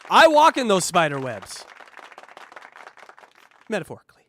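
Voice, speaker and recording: A man co-hosting a comedy podcast, riffing loudly and mockingly over clips with jokey commentary. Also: sits high, huge pitch swings, normal speed, a loud crowd, heavy background noise. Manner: loud, mocking, jokey fake translations.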